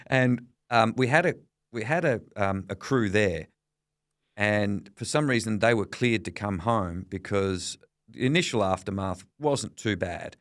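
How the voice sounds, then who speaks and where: Middle-aged Australian man, seasoned reporter guest, lively anecdotal storyteller, lower voice, dry close sound. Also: a little slow, no echo. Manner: lively anecdotal storyteller, quotes people in character. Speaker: veteran journalist guest. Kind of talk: storytelling interview.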